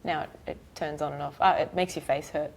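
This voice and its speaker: A woman in her thirties with an Australian accent, a guest chatting casually in an interview, soft-spoken and halting with many fillers. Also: low voice, steady tone, creaky, background noise. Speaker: actress guest.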